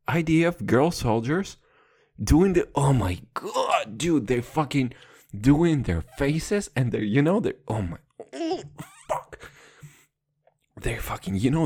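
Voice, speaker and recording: A hoarse man in his twenties ranting casually, profane, rambling and mock-dramatic. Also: medium pitch, a little mellow. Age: 20s. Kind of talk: casual comic rant.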